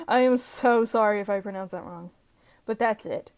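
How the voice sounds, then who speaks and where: A woman's voice: mid-range voice, moderate pace, a little mellow. A young woman casually reading internet posts aloud and adding playful, sweary asides between giggles. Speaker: reddit post reader.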